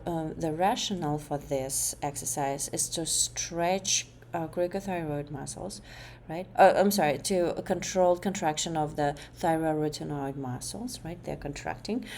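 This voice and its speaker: A woman's voice: low voice, darkish tone, a little hiss or hum. A woman presenting a class demonstration of voice exercises, hesitant, with many fillers and restarts.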